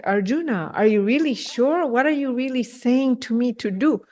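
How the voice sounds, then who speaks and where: A woman leads an online scripture class over a video call, her voice sitting a little high. She talks in an animated, direct way, acting out the voices she quotes and often checking in with her listeners. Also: moderate pace. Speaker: spiritual teacher.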